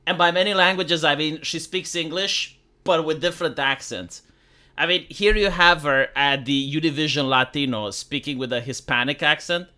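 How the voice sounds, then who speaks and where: Romanian-accented male streamer, sarcastic rant, bright forceful tone. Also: on the high side, normal speed, smooth. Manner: sarcastic, filler-heavy, ranting. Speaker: live streamer. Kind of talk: casual political rant.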